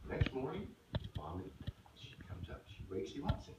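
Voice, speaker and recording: A man's voice: fairly low pitch, moderate pace, lo-fi sound. A man telling a story to a group of young children, putting on family voices and asking them questions, in an echoey room, heard from a distance, with noise. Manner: plays family voices, asks the kids questions. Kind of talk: casual storytelling to kids.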